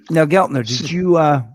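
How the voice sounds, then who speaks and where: A man's voice: fairly high pitch, no echo, clean studio sound. A man hosting a casual chat show, bantering and joking with his guests. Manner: bantering, joking, quick to laugh. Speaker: host.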